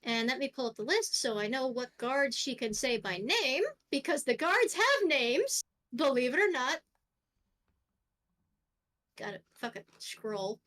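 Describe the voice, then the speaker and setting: A woman runs a tabletop game as game master and narrates the scene in a casual, offhand way. Her voice is high for a woman, and she drops in a swear now and then. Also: expressive, measured pace, a bit bright.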